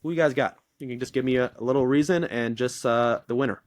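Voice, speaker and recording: A man runs a casual sports podcast, moving the group through their picks with quick, loose asides. His voice sits in an ordinary middle pitch. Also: no room sound, clean studio sound. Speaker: podcast host.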